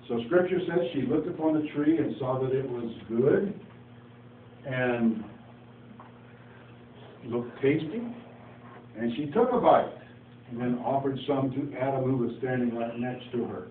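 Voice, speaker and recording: A preacher with a mid-range voice gives an informal Bible teaching, unhurried and with long pauses. He tells the story in a folksy way, acting out the dialogue with asides. The phone recording is echoey, distant, narrow and tinny, with faint noise.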